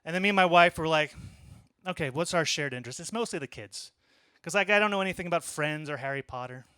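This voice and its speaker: A man in his thirties telling a conversational story in a stand-up set, with deadpan asides. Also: on the high side, fast talker, clean tone, no room sound, clean studio sound. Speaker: stand-up comedian. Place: small comedy club.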